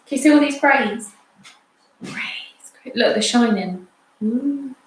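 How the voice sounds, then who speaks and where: A playful woman co-hosts a casual livestream, teasing her partner and reading out viewer comments. Her voice is slightly high and carries a very echoey room. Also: measured pace, a little hiss or hum. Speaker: co-host of a livestream.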